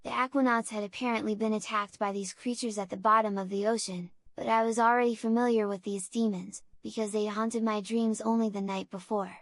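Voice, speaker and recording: A woman reads a horror story at a mid pitch in a steady, measured way. The recording is dry and close to the mic, with no room sound. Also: dry recording. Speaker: narrator. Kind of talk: scripted horror story narration.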